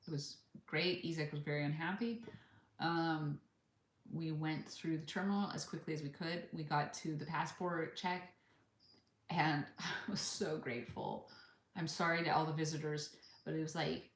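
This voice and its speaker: A woman's voice: sits low, moderate pace, slight background noise. A woman in her thirties from the United States, telling a travel story casually and acting out the people she quotes. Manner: chatty, animated retelling with quoted voices. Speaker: vlogger. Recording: echoey room.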